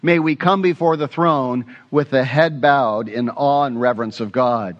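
A male pastor preaching a sermon with expressive delivery, asking the congregation questions and dropping into hushed, prayerful asides. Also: medium pitch, moderate pace, dull audio.

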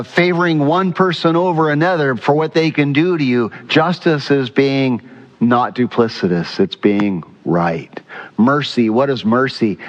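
A male pastor preaching a sermon in a church, animated and often quizzing the congregation. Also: mid-range voice, dull audio. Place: church sanctuary.

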